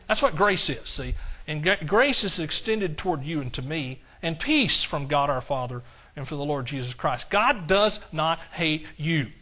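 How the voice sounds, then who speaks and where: A man's voice: on the high side, expressive, normal speed, sharp tone. An older man preaching a sermon with fervent, emotional delivery, often calling out to the congregation. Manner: emotional, fervent preaching with audience call-outs. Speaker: pastor.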